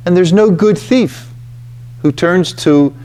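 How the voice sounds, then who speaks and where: A man delivering a reflective scripture talk in a slightly high voice. He speaks slowly and deliberately. He leans on key words for emphasis and keeps checking in with his listeners. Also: mellow. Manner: deliberate, emphatic, with frequent "okay" and "you know". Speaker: retreat house presenter.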